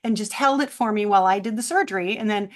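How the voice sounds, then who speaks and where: Woman vet guest, chatty and animated, acts out the voices in her stories. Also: mid-range voice, fast talker. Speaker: veterinarian guest. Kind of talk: casual podcast storytelling.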